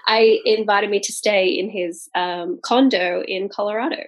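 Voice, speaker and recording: A woman's voice: mid-range voice, moderate pace. A woman co-hosting a casual podcast chat, talking freely with many fillers and frequent laughs. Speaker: podcast co-host.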